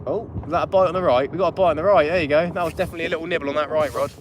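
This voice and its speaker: This man's voice sits on the high side, with fairly even intonation and rapid-fire speech. As a fishing channel host, he's livestreaming at night from a small inflatable boat, chatting and calling out viewers by name, while wind and water sound around the open, windy boat.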